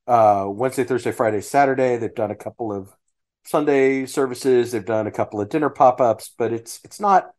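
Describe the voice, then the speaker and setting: A man hosting a podcast, chatting casually and listing dishes with frequent restarts. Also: medium pitch. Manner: relaxed, restarts phrases while listing dishes. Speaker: podcast host. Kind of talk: casual chat.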